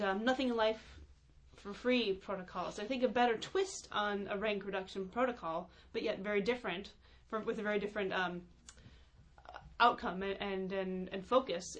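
A woman's voice: medium pitch, a bit bright. A woman hosting a casual chat, speaking hesitantly with many fillers and restarts.

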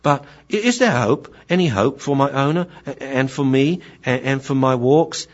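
A man's voice: mid-range voice, animated, moderate pace, pitched above the performer's own voice, lightly acted. A man voicing an anxious young dog who asks his wise teacher for advice, talking in an eager, fretful, pleading way. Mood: hopeful. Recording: dull lo-fi recording.

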